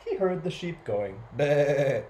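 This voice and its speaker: A man reads a children's story aloud for a library storytime. His pitch swings widely as he tells it, and he throws in playful animal noises and sound effects. The delivery stays animated throughout. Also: moderate pace, rough recording.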